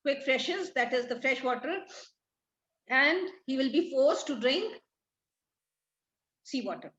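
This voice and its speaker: Woman, literature teacher, high voice, explains line by line, repetitive paraphrasing, echoey room. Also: animated, slow, a bit bright, muffled recording.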